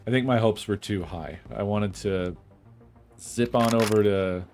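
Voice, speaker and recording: A man's voice: on the low side, measured pace, a little mellow, faint music behind. A man streaming a game, venting in a casual, frustrated way and swearing often; he says he is not feeling well. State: feeling unwell. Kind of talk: casual gaming stream chat.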